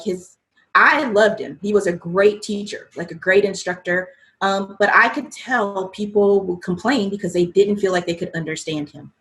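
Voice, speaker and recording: A woman's voice: on the low side, fairly bright tone, rough recording. An American woman answering as an interview guest, telling a reflective story with lots of ums and restarts. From United States.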